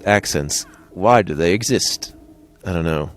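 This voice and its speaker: A man's voice: deep voice, measured pace. A man with a Midwestern American accent hosting a let's play, rambling in casual, jokey commentary that wanders off on tangents.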